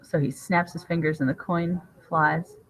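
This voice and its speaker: A woman's voice: on the low side, steady tone, measured pace, a bit bright, poor audio. A woman teacher reading a graphic novel aloud to her class and explaining it as she guides the students through questions.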